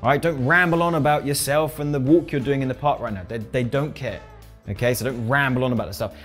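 A man teaching video marketing to camera, energetic and punchy, often checking in with "right?" and "all right?". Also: medium pitch, quick pace, faint music behind. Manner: energetic, drives points home with tag questions like "right?" and "all right?". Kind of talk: instructional talk to camera.

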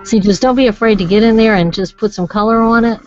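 A woman's voice: on the high side, quick pace, a little mellow, dull audio, faint music behind. A woman giving a chatty, encouraging live craft demonstration and talking straight to her viewers.

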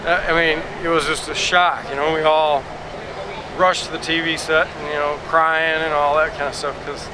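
A man's voice: on the high side, flat delivery, normal speed, background noise. A man being interviewed, telling a story with animation and acting out what others said. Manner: acts out quoted voices.

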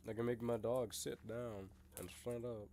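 A young gamer chats casually while playing a video game, crudely teasing his friend and laughing often. His mid-range voice is steady and dark at a normal speed, with a little hiss or hum in the audio.

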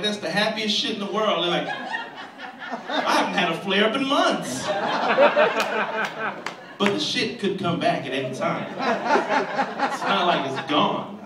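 High-voiced man doing stand-up in a roomy club. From Texas. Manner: animated, acts out characters in loud bursts. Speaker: stand-up comedian. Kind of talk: stand-up comedy set. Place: comedy club stage. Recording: roomy club sound, mic at a distance, loud crowd.

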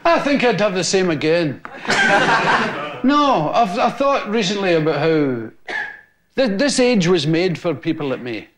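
A Scottish comedian in his forties spins a story for a studio audience. His voice sits high and swoops all over the place as he laughs through the scenes he acts out. It comes through on a noisy old TV recording. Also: sing-song, measured pace. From Scotland. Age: 40s. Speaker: stand-up comedian. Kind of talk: stand-up storytelling before a live audience.

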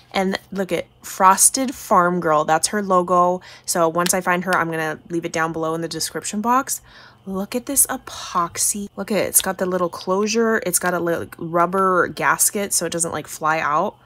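A woman hosting a craft channel, unboxing handmade gifts in a gushing chat, with breathy exclamations and soft whispered asides. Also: medium pitch, unhurried, a little hiss or hum.

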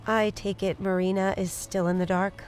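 A woman's voice: mid-range voice, level tone, normal speed, darkish tone, faint music behind, lightly acted. An actress playing a dry, teasing woman keeping a secret affair. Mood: wry. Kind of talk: audio drama acting.

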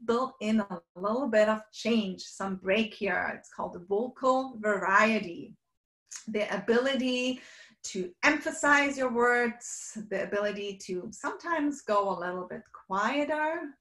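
A woman from Sweden and Germany, a communication coach, talking quickly and at length in an online workshop and playing with her voice. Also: a little high, animated, fairly bright tone, echoey room. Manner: fast and talkative, playfully demonstrates vocal variety. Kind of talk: energetic online workshop talk. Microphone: video call.

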